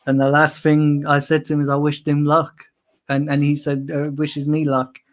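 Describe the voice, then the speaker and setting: A man's voice: on the high side, monotone, moderate pace. A man talking in a casual tribute chat, hesitant and heartfelt, with many restarts. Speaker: regular on fan channel stream.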